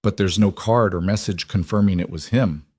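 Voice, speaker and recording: A man voicing a calm, careful young police officer in a narrated story, speaking in a measured, official way. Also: deep voice, slightly rough, dry recording, studio quality.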